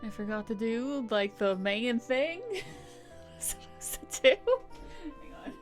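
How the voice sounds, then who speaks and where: A woman's voice: a little high, slow, soft background music. A young adult woman streamer giving casual gameplay commentary, rambling and chatty with lots of "like" fillers. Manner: rambling, chatty, heavy use of "like".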